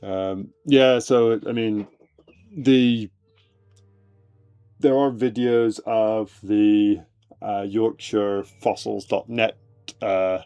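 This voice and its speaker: Low-ish guy chatting about prepping fossils in his shed, lots of uh and um, soft music behind. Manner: rambling, hesitant, many fillers and restarts. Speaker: fossil preparator streaming his work. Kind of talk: casual live-stream explanation. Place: home shed workshop. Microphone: desk mic, voice fades as he moves away.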